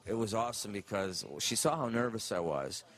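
A male comedian telling a stand-up story in an animated way, acting out the quotes. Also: fairly low pitch, brisk.

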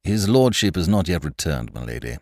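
A man voicing a formal, unflappable male manservant in an audiobook, speaking in a measured, deferential way. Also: deep voice, big pitch swings, gravelly, darkish tone, dry recording, studio quality, full character voice. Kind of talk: audiobook character voice.

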